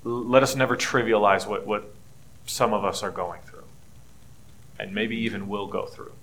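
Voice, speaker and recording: A middle-aged man preaching a sermon in an earnest, conversational way, building to emphatic peaks and dropping to quiet, tender passages. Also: on the low side, steady tone, moderate pace. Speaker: pastor.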